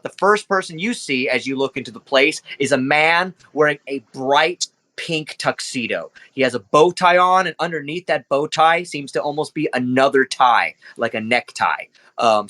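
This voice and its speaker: A man's voice: mid-range voice, bright, forceful tone. A young man narrating as game master of a tabletop game, describing scenes casually with lots of fillers.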